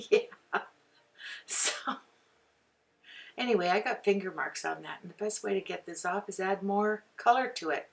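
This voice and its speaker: A chatty woman from Canada demonstrates card-making, talking in a casual ramble that drifts onto side topics. Her voice is low-pitched, heavily gravelly and bright-edged. She sounds a little away from the mic. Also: normal speed, long pauses, recorded from a distance. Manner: chatty, rambling, goes off on tangents. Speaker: card-making tutorial host.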